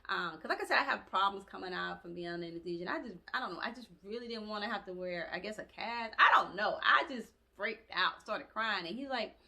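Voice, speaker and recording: Woman vlogger, chatty storyteller, quick delivery. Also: mid-range voice, gravelly. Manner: chatty, animated retelling with laughs and colloquial asides. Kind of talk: casual storytelling to camera.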